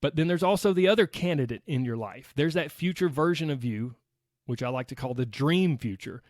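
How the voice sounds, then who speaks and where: A man's voice: fairly high pitch, lively intonation, a little fast, a little mellow, no room sound, studio quality. A man with a Southern American accent hosting a solo podcast in an upbeat, chatty way, talking straight to his listeners. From United States. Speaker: podcast host.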